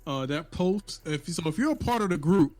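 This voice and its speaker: A man's voice: fairly high pitch, animated, normal speed, darkish tone, faint music behind. A man with a New York accent co-hosting a casual podcast, talking loosely with lots of restarts, cursing and laughing. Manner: loose, profane, laughing storyteller with many restarts. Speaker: podcast co-host.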